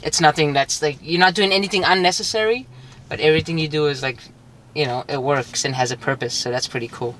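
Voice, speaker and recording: A boxer in training answering casually, talking in a relaxed way with lots of "like" and "you know.". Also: mid-range voice, fast talker. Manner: relaxed, filler-heavy. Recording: noisy background.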